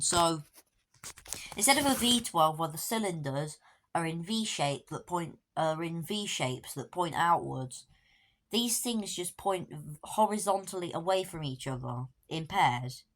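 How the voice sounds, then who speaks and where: Woman, casual game walkthrough narrator, low voice, dry offhand humour. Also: slight background noise. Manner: dry, offhand joking asides. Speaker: gaming video creator.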